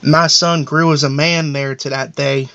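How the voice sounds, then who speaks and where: A man's voice: fairly high pitch, fairly even intonation, a little slow, vocal fry, pushed and bright, no room sound, heavily acted. A man voicing a paranoid, boastful middle-aged cartoon dad in a rambling, self-important comedic monologue. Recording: dull lo-fi audio.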